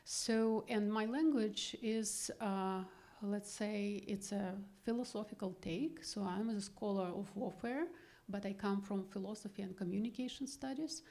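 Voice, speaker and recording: A woman's voice: medium pitch, measured pace, a little mellow. A woman scholar giving an academic presentation at a panel in a gallery, thoughtful and hesitant as she searches for words. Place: gallery event hall.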